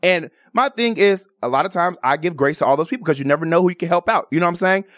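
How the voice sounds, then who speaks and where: A man, a radio host, chatting animatedly and giving shout-outs to friends and listeners. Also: sits high, lively intonation, fast talker, no room sound, studio quality. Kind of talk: casual chat.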